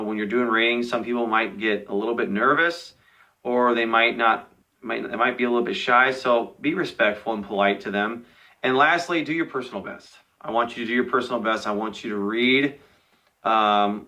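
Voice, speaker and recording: A young male teacher with a bright, clear tone walks a class through partner reading rules. He talks patiently, repeats himself often and keeps checking in with an easy "okay.". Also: medium pitch. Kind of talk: modeling classroom instructions to young students.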